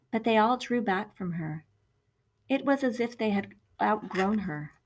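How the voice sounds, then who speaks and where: A woman reading a first-person audiobook in a gentle, reflective storytelling manner. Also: mid-range voice. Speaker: audiobook narrator.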